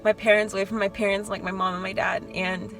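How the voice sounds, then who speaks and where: A woman's voice: mid-range voice, level tone, fast talker, rough recording. A woman competing in bodybuilding, talking casually to camera in a chatty, openly emotional way. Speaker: bodybuilding competitor vlogging her show day. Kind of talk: casual vlog talk to camera. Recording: background music and crowd chatter.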